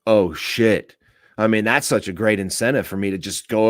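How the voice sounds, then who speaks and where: A man with a deep, low voice hosts an unscripted podcast and tells a story bluntly, swearing freely and acting out each quote. The sound is dry, with no room echo. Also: normal speed. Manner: blunt and profane, animated retelling with acted-out quotes. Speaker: podcast host.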